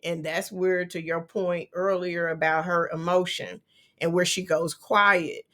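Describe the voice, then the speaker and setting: A woman's voice: fairly low pitch, fairly even intonation, unhurried, fairly bright tone. A middle-aged woman co-hosting a podcast, telling a family story in an earnest, vivid way with frequent restarts. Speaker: podcast co-host. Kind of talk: casual conversation.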